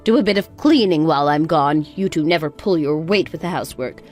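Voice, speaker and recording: A woman's voice: low voice, lively intonation, a little fast, darkish tone, soft background music. A woman voicing a bossy, harsh older mother-in-law who talks in a sarcastic, cutting way. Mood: scornful. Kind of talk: narrated text-story drama.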